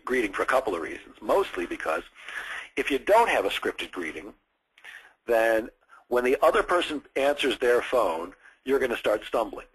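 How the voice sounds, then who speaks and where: A man's voice: medium pitch, sing-song, moderate pace, fairly bright tone, breathy edge, poor audio. A man leading a sales training session, talking enthusiastically with lots of rise and fall in his voice. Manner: enthusiastic, varied inflection; conversational, with frequent restarts. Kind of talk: training seminar lecture.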